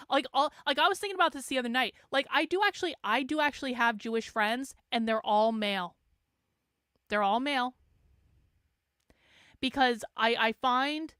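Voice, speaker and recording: A woman hosting a livestream, reading chat aloud and ranting in a rambling, sarcastic way, going loud and slow when she makes a point. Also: on the high side, smooth, dry recording, studio quality. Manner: rambling and sarcastic, many fillers and restarts. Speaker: livestream host. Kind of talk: casual livestream commentary, reading chat comments.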